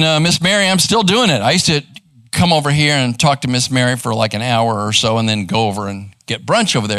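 A middle-aged man, a pastor teaching live in church, conversational and animated as he tells a story. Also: mid-range voice, no room sound. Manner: animated, conversational, acts out quoted voices. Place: church sanctuary.

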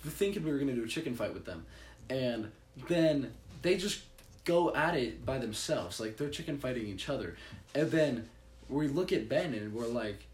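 A man's voice: mid-range voice, lively intonation, moderate pace. A young man and baseball player in casual chat, eagerly chiming in to fill out a shared story. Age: young adult. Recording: roomy echo with faint ambience.

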